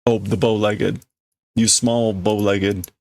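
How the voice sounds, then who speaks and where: Brief: unhurried male streamer, gravelly fry, dry close sound, mulls over words. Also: on the low side, flat delivery, a little mellow, no echo. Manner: thinks aloud, deliberating over word meanings. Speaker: streamer reading manga aloud. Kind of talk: casual reading and translating aloud.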